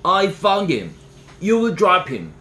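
A man reading aloud, putting on the voice of an excitable little boy who shouts and whines. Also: slow, exaggerated voice. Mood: excited. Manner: high, shouting, eager. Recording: roomy room echo, faint hiss.

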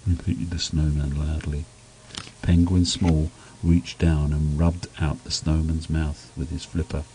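A man gently reading a children's story aloud in an unhurried storybook manner. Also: rumbling low, little pitch movement, slight background noise, rough recording.

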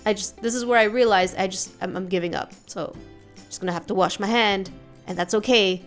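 A woman's voice: medium pitch, a little fast, faint music behind. A woman hosting a craft tutorial in a casual voice-over, playful and full of jokey asides.

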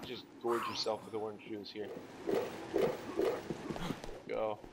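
A young man giving casual, profane commentary while playing a video game. He talks to himself in a low, offhand voice and keeps breaking into shouts at the enemies. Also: level tone, slow pace, heavy background noise. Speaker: let's play gamer.

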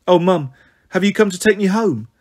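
A man reading a story aloud, voicing a worried, earnest young girl who pleads in a husky voice. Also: sits high, lively intonation, normal speed, darkish tone, voice pushed up.

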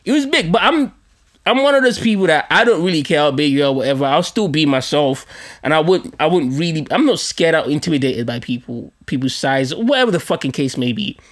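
This podcast host speaks fairly quickly in a fairly high-pitched male voice. He tells a story in a casual, animated way, swearing freely and laughing at himself.

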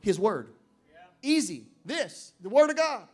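A man with a very high voice preaching to his church. He swings from loud emphatic declarations to quiet joking asides, and he slows right down to read scripture with weight. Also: sing-song, soft background music. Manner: reads scripture slowly and deliberately. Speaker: pastor. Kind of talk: sermon. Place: church service.

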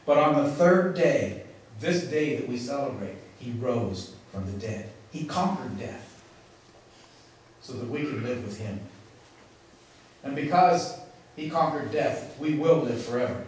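In an echoey church sanctuary, a male pastor gives a sermon, stressing his points and pausing dramatically. The voice is medium in pitch, slightly mellow, with lively intonation, and the mic sits far away in the large room.

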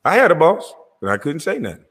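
A man with a Southern US accent hosting his own show in a loud, animated, profane rant, often laughing as he talks. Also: a little high, fast talker, slightly rough, big-room sound. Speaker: show host.

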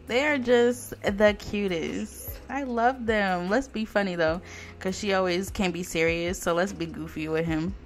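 A woman giving casual let's-play commentary on a life-sim game, animated, laughing often, swearing and talking straight to viewers. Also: mid-range voice, a little slow, soft background music. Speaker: Sims gameplay YouTuber.

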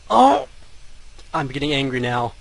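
A man's voice: medium pitch, takes it slowly, dry recording. A man commentating his own gameplay, often muttering to himself and exclaiming in frustration. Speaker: let's play gamer.

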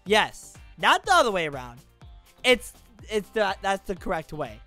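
A woman giving silly, animated gameplay commentary as a gaming YouTuber, full of exclamations. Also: medium pitch, moderate pace, faint music behind.

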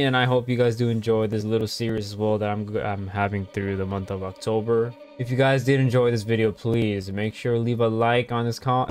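A man hosting a let's play channel, commentating excitably, swearing and exclaiming as he plays. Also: mid-range voice, smooth. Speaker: gaming channel host.

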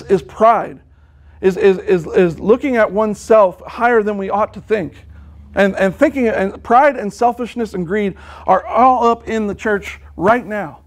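Earnest male preacher with a high voice, sermon delivery full of restarts. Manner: earnest, repeats words and restarts often; quotes scripture at length.

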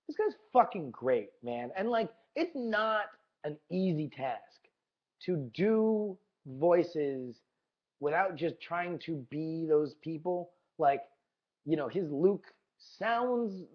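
Profane, excitable male podcaster. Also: fairly high pitch. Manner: profane and enthusiastic, repeats words. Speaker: podcast host. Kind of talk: casual podcast monologue. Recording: dull lo-fi recording.

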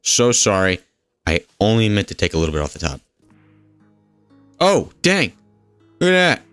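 Low-voiced dude goofing around while he plays, jokes and rambles, faint music behind. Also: huge pitch swings, normal speed, a bit bright, clear, resonant tone. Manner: jokey, rambling, talks to game characters. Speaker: gaming host. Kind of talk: goofy gameplay commentary.

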